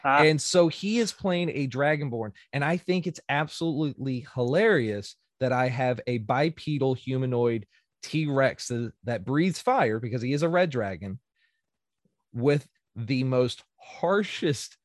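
A man co-hosting a casual podcast chat, animated and joking, laughing often. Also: mid-range voice, a little slow, no room sound, studio quality. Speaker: podcast co-host.

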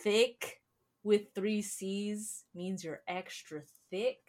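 A woman's voice: medium pitch, fairly even intonation, extremely slow, a crowd in the background. A woman hosting a podcast in casual chat, chatty and full of fillers, laughing often. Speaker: podcast host.

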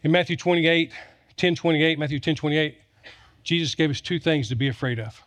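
Male pastor, drawl, slightly high voice, emphatic storytelling sermon. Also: brisk, fairly bright tone. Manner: storytelling with humor, emphatic repetition.

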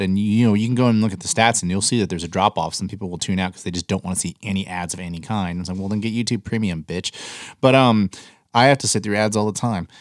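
A man co-hosting a casual podcast, talking in an animated, blunt way and swearing freely. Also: lowish voice, no echo, studio quality. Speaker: podcast co-host.

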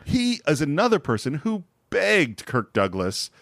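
Male podcast co-host, chatty and animated, acts out quotes, dry studio sound. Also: on the high side, a little slow, creaky, dry recording. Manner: animated, acts out quoted lines, laughs often. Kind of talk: casual film commentary chat.

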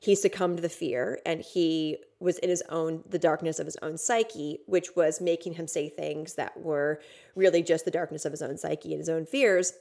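Woman podcaster, low voice, casual and intense storytelling with fillers and curses. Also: fairly even intonation, moderate pace, vocal fry, a little mellow. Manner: casual, filler-heavy, swearing, intense retelling. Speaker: podcast host. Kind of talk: personal storytelling monologue.

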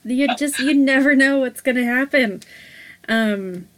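A woman's voice: high-pitched, unhurried, fairly bright tone. A woman co-hosting a casual podcast, rambling with many hesitant fillers. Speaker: podcast co-host.

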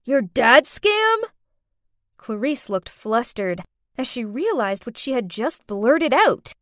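A young woman narrating a first-person animated story in a dramatic, exclaiming manner. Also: fairly high pitch, unhurried, dry recording, clean studio sound. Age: young adult.

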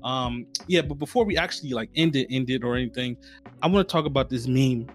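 A man co-hosting a casual podcast, telling stories in a slangy, animated way. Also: medium pitch, quick pace, faint music behind. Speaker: podcast co-host. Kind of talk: casual chat.

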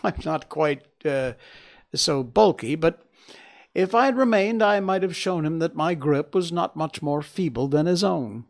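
A man voicing a calm, witty detective who answers threats with bland, quietly mocking remarks. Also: a little high, a little slow, pitched above the performer's own voice. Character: calm, witty male detective, unflappable and dry. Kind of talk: dramatic audiobook reading.

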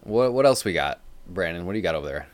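A man's voice: sits low, lively intonation, fast talker. A man co-hosting a casual podcast chat, laid-back and casually profane, moving the talk along. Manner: laid-back, swears casually, steers the conversation. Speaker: podcast co-host.

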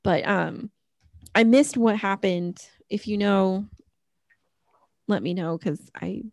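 A woman's voice: mid-range voice, takes it slowly, creaky, darkish tone, no echo, studio quality. A middle-aged woman co-hosting a podcast, chatting casually and rambling with lots of fillers. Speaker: podcast co-host. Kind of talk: casual chat.

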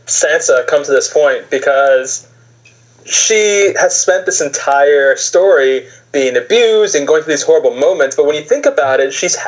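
A man co-hosting a podcast, analyzing a character in a thoughtful, steady way. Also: fairly high pitch, highs cut off. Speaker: podcast co-host. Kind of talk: casual TV recap chat.

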